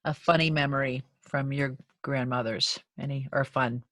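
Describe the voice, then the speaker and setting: A woman's voice: extremely low pitch, steady tone, normal speed, a bit bright, no room sound. Podcast host, woman, thoughtful questions, dry close sound. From South Shore of Boston, US. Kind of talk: casual interview.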